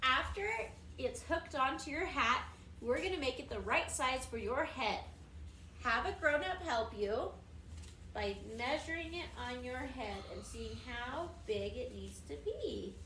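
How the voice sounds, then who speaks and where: A woman teaching preschoolers in a high, bright voice, taking her time over every phrase. She keeps it sing-song and encouraging, like she is speaking to a room of three-year-olds. A faint hiss sits under her voice. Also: animated, unhurried, reverberant. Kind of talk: recorded lesson for young children.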